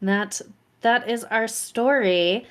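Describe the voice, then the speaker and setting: A woman co-hosts a podcast in relaxed, casual chat. She talks freely, often with a laugh in her voice. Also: on the high side, slow pace. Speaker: podcast co-host.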